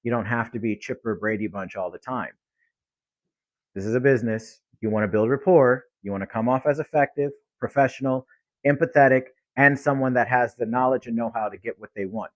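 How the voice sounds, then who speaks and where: A man's voice: medium pitch, brisk, dry recording, dull audio. A man coaching real estate investors on talking with sellers, in a blunt, direct teaching manner. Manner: blunt, acts out both sides of calls. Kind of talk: teaching monologue with acted phone lines.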